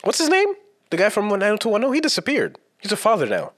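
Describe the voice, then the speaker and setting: A young man co-hosting a casual chat, teasing and quick with questions in a laid-back way. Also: high voice, wildly swooping pitch, fairly bright tone.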